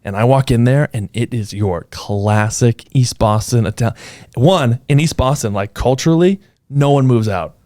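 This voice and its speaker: A young man chatting on a podcast, recorded dry and close with no room sound. He tells stories quickly and with energy, laughs through them, and slips into quoted lines. His pitch sits in the middle. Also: darkish tone, dry recording. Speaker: podcast host. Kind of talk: casual chat, animated storytelling.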